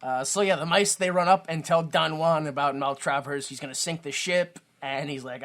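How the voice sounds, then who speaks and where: A man co-hosting a comedy podcast casually recaps a film, laughing often and acting out characters in quick, silly voices. His voice is fairly high and a bit bright.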